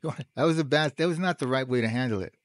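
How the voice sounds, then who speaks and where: A middle-aged man talks through a personal story at his own loose, rambling pace. He laughs often as he goes, and his voice sits at an ordinary pitch. The recording is close and dry, with no room around it. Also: racing, dry recording. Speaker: host. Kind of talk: casual monologue.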